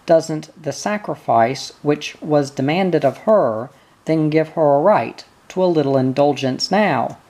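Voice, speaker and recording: A reader voicing a young noblewoman who speaks in a gentle, coaxing and caring way. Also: deep voice, animated, a little slow, heavily acted.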